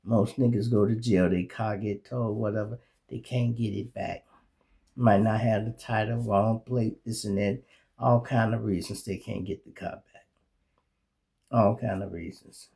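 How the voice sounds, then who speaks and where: Gravelly Chicago man telling street stories. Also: lowish voice, a little slow. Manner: animated, streetwise storytelling with profanity. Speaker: show host. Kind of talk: casual storytelling monologue.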